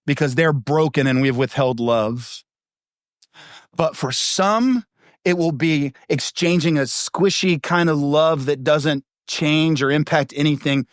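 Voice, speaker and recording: A middle-aged male pastor preaching a sermon in a punchy, conversational way, full of rhetorical questions and quick asides. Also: on the high side, no room sound, clean studio sound. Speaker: lead pastor.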